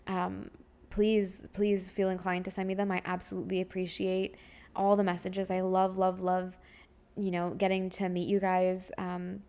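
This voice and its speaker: Low, flat-voiced woman podcaster. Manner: heartfelt, rambling, with many fillers. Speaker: podcast host. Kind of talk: casual solo podcast update.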